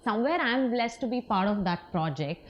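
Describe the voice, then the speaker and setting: A young woman from India, an actress telling stories in a casual interview, animated and laughing as she acts out quoted lines. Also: medium pitch, fast, lo-fi sound.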